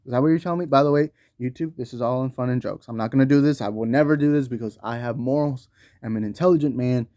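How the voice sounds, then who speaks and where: A man's voice: medium pitch, quick pace, warm tone, dry recording, clean studio sound. A man delivering a heated, profanity-laced commentary rant on video, talking in slang. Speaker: YouTube commentator.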